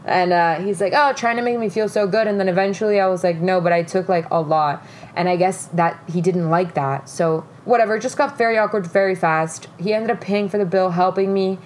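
A young adult woman hosts a podcast, telling a dating story in casual chat with a fairly low, fairly quick voice over slight background noise. She's candid and profane, animatedly quoting the people involved in their own voices.

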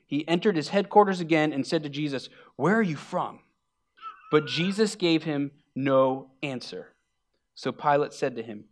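A man's voice: a little high, moderate pace. Man preaching a casual sermon. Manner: explanatory, conversational, with fillers. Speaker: pastor. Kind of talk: sermon with scripture reading.

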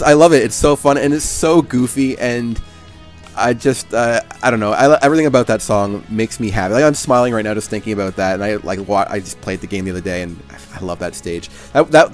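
Enthusiastic, rambling man hosting. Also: on the low side. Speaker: podcast host. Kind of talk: casual chat.

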